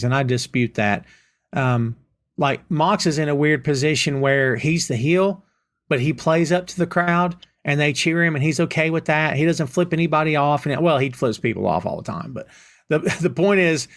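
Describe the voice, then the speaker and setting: A man hosting a podcast, talking in an opinionated, casual way straight to his listeners. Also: on the high side. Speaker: podcast host. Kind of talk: casual chat.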